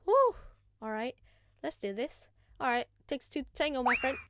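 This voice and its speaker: A woman hosting a gaming channel, giving casual gameplay commentary in an excitable, chatty, self-mocking way. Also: sits high, moderate pace, no room sound, clean studio sound.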